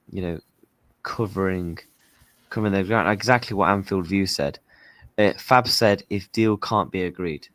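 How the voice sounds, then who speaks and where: A man's voice: deep voice, a bit bright, no echo. A man hosting a football fan stream, talking straight to his viewers in a casual way and repeating his points a lot. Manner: talks to viewers directly, repeats himself a lot. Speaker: fan channel host.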